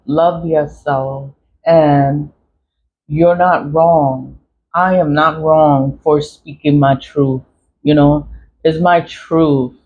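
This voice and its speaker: A spiritual vlogger in a casual, rambling monologue, talking emphatically, repeating phrases and swearing freely. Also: mid-range voice. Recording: dull lo-fi recording, faint noise.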